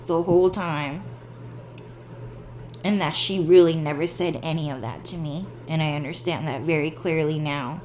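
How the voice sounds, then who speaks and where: A woman's voice: deep voice, a little mellow, slight background noise. A woman vlogger telling a story casually, rambling and swearing, with plenty of fillers and side remarks.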